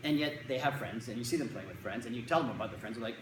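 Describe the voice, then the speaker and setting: Lively clinician acting out kids' voices. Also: mid-range voice, roomy sound, background noise. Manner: lively, acts out kids and parents in quick put-on voices. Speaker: child anxiety clinician giving a talk to parents. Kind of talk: talk to a live audience.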